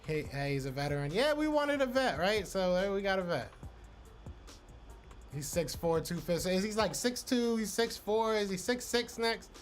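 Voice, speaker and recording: Philly-male host, fairly high voice, loose rambling live-stream chatter, faint music behind. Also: moderate pace. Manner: loose, repetitive, talks to chat by name. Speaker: podcast host reading live chat. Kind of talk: casual live-stream chat.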